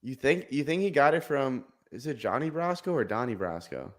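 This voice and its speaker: A young man in his twenties co-hosting a sports podcast. He talks in a loose, sarcastic way and tells stories with lively, animated energy. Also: mid-range voice, moderate pace. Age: 20s. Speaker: podcast co-host. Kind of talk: casual sports chat.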